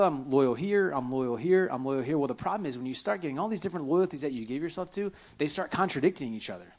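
Man preaching with lively swings. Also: fairly high pitch. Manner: animated preaching, voices quotes, swings loud and soft. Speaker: pastor. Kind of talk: sermon.

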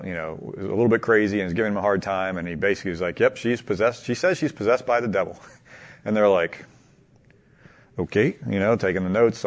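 A man telling a long anecdote to a small group in a casual, halting way, asking them questions along the way. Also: on the low side. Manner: animated, halting, many restarts and laughs. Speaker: teacher leading a group discussion.

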